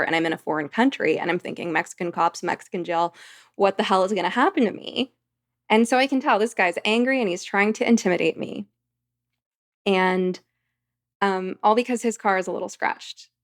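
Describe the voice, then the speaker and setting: A woman, a podcast guest, telling a vivid story in casual conversation. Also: lowish voice. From United States.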